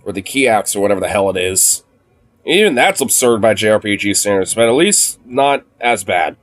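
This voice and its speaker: A man with a low-pitched voice, chatting casually on a game stream. He swears freely and laughs often, and drops into a soft, cooing baby talk whenever he speaks to his dog. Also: lively intonation, normal speed, no echo. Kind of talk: casual gaming stream chat.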